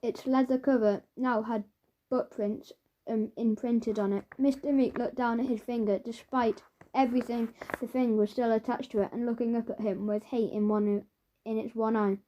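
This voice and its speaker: A woman's voice: fairly high pitch, normal speed, a little hiss or hum. Playful woman narrating a kids' audiobook. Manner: playful, expressive.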